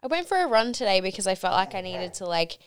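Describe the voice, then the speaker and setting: A woman's voice: mid-range voice, big pitch swings, fast. A young woman co-hosting a podcast in casual chat, frank and self-deprecating. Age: young adult. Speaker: podcast co-host.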